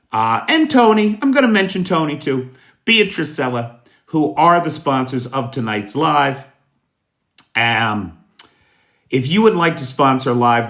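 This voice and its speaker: An American man hosting a casual livestream news show, greeting viewers by name in a folksy, unhurried way. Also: medium pitch, a bit bright. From United States. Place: indoors at night.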